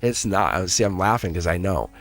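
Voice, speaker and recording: A man's voice: low voice, animated, a little fast, a bit bright, soft background music. A man giving a live-streamed tarot reading in an earnest way, repeating himself and laughing often. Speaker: tarot reader.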